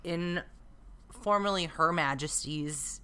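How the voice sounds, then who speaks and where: Woman, podcast co-host, casual joking banter, sharp bright voice, smooth and clear. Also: on the low side, takes it slowly. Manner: wry, joking, swears freely. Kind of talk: casual comedic chat.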